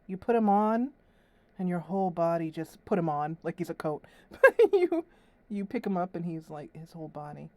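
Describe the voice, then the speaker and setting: A young woman with a fairly low voice and big pitch swings hosts her gaming livestream at a moderate pace, with no echo. She chats casually and giggles, laughing often.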